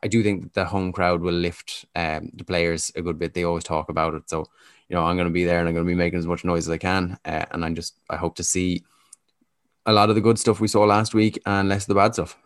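A man with a very deep, low voice talking casually on a sports podcast. He is opinionated and matter-of-fact, and the sound is dry and close. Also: level tone, fast talker, dry recording. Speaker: podcast co-host.

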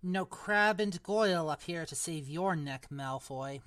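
A woman voicing a brave young schoolboy while reading a novel aloud, firm and quietly challenging. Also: on the low side, measured pace, dry recording, clean studio sound. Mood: defiant.

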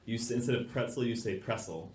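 Young man, from Delaware, low-pitched, laid-back, stammering, echoey room, faint noise. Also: fast, darkish tone. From Delaware, US East Coast. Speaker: podcast co-host. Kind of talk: casual chat.

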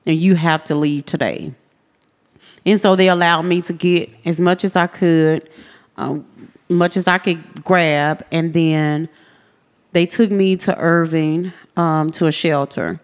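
A woman's lowish, smooth voice moves slowly and steadily as she shares her personal testimony on a podcast. Earnestly, she acts out others' voices in the story, and long hall reverb colors the sound.

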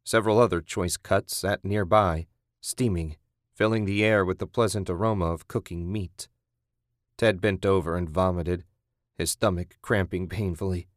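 Low-voiced guy reading a horror audiobook, steady and measured, dry close sound. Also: no echo. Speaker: audiobook narrator. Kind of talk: scripted horror narration.

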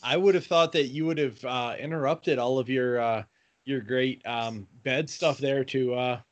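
A man's voice: medium pitch, steady tone, unhurried, highs cut off. A man joking around on a casual movie podcast, loose and meandering. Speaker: podcast co-host. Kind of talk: casual movie commentary chat.

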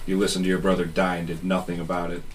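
Brief: a man playing a judgmental stranger in a tabletop game, deep, blunt, accusing. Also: monotone, fast talker, a little hiss or hum, natural voice. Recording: distant mic, group chatter around.

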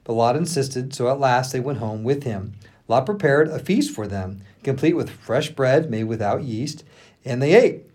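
A man's voice: mid-range voice, moderate pace. Earnest male pastor reading scripture. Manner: earnest, expressive reading with dramatic emphasis.

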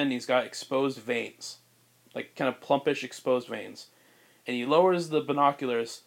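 A man hosting a podcast, casually pitching a film plot in a rambling way, full of "like" and restarts. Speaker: podcast host.

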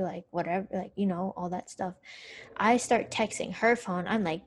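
A young woman on a podcast recounts a personal story in casual chat. Her telling is candid and animated, with plenty of swearing and a mid-range voice. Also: medium pitch, a little fast. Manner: candid, profane, animated retelling. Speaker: podcast co-host.

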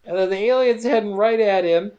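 Man, high pitch, loose crude podcast banter, quick asides. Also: darkish tone, muffled recording. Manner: jokey, crude, acts out characters in quick asides. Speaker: podcast co-host recapping a film. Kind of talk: casual comedic chat.

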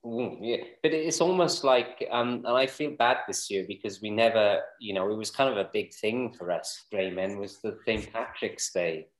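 Low-voiced rambling podcast co-host, roomy sound. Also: male voice, normal speed, hardly any pauses. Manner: rambling, chuckling, full of fillers. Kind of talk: casual chat.

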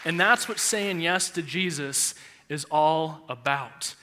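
Man, pastor, sermon, personal story, fairly high voice, reverberant church hall. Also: takes it slowly, some chatter behind, a little hiss or hum. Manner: personal storytelling, animated and emotional at times.

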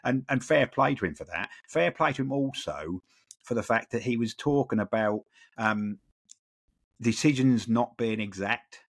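A man's voice: mid-range voice, animated, normal speed. A man co-hosting a football podcast, talking in rambling casual chat full of repeats and "you know". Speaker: podcast co-host.

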